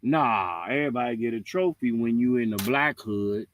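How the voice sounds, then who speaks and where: A man hosting a livestream, ranting in a blunt, profane and mocking way, with swings between loud and quiet. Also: mid-range voice, expressive, normal speed, low-quality recording. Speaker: livestream host. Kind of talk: heated livestream rant.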